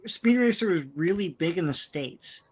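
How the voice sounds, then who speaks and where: Easygoing man, high voice, crowd behind. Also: animated, normal speed. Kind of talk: casual chat.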